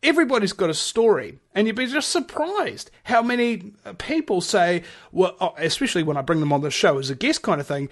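High-voiced ranting New man. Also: expressive, a little fast, hardly any pauses. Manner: rambling, heated, many restarts and fillers. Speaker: radio show host. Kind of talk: ranting monologue.

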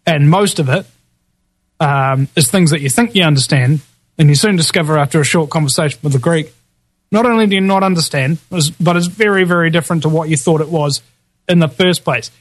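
A man's voice: fairly high pitch, brisk, no echo. A man hosting a podcast, casually rambling through a list of past guests with lots of fillers, restarts and jokey asides. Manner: laughs often, jokey asides. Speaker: podcast host.

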